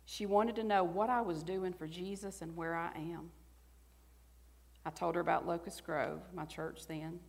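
A woman's voice: fairly low pitch, fairly even intonation, unhurried, gravelly, a little mellow. A woman in her forties with a Southern US accent, giving a sermon that builds to emphatic, rising exhortation. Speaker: speaker. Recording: long hall reverb.

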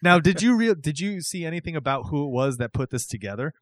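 Animated man co-hosting a podcast. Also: on the high side, fast talker, dry recording. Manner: animated, reads news aloud with excited asides. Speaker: podcast co-host. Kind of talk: casual podcast chat.

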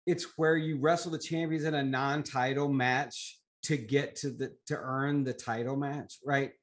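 A man's voice: medium pitch, steady tone, unhurried. A man co-hosting a podcast, chatting casually and giving his opinions on wrestling. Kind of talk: casual chat about wrestling.

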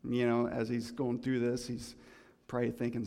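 Casting: a preacher giving a chatty, joking sermon, mellow and warm in tone. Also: male voice, medium pitch, completely flat delivery, normal speed, creaky, big-room sound. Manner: conversational, joking, many restarts.

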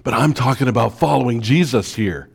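A male pastor preaching a sermon, asking the congregation rhetorical questions and swinging between hushed asides and emphatic lines. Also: medium pitch, fairly quick, gravelly, breathy edge.

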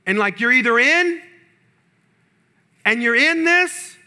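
A male pastor delivers a sermon in a loose, conversational voice, repeating lines for emphasis. His voice sits high. It has a sharp, bright edge. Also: expressive, slow. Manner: preaching with rising intensity, quoting imagined prayers.

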